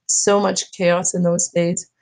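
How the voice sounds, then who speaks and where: A woman reading as a gentle old grandmother. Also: lowish voice, little pitch movement, slow pace, poor audio. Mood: tender. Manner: soft, tender storytelling. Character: elderly grandmother, gentle and kindly. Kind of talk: reading aloud from a novel.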